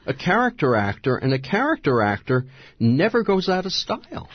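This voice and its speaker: A man interviewing a guest, asking measured, thoughtful questions. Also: on the high side, wildly swooping pitch, no echo, muffled recording. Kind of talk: interview conversation.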